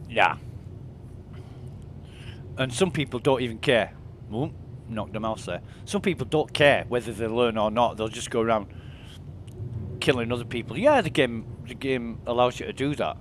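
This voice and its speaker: A man's voice: mid-range voice, expressive, moderate pace, pauses often, slight background noise. A man streaming a game, venting in a casual, exasperated way and swearing as he retells an argument. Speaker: livestreamer. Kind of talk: casual gaming livestream rant.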